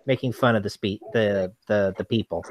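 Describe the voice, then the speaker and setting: A man's voice: fairly low pitch, moderate pace, slight background noise. A man co-hosting a casual chat with a dry, teasing manner. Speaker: co-host.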